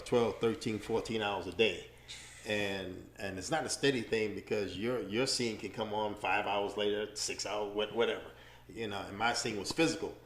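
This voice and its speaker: A middle-aged man, a boxing referee, telling stories in a relaxed, rambling way with many fillers during an interview. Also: lowish voice, a little hiss or hum. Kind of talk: casual interview storytelling. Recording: echoey room.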